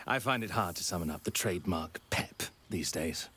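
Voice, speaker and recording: Weary, downcast male bard for a video game; low and dry. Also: animated, measured pace, pushed and bright, husky, full character voice. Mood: glum. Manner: downbeat, dry.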